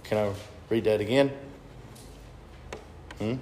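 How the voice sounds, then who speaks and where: A man's voice: a little high, unhurried. Man preaching in an echoey room. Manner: asks the congregation questions and repeats phrases. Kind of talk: sermon.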